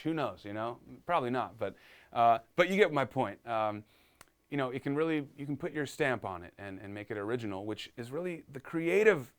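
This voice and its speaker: A man's voice: mid-range voice, clean tone. A man giving a live-streamed piano lesson, upbeat and chatty, reading viewer comments aloud and explaining as he goes. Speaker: piano teacher.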